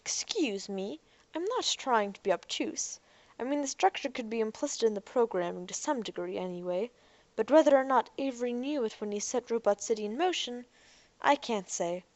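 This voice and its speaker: A woman reading the part of an earnest, clever young man in an audiobook, talking in a slightly hurried, explaining way. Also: on the high side, lively intonation, darkish tone, no echo.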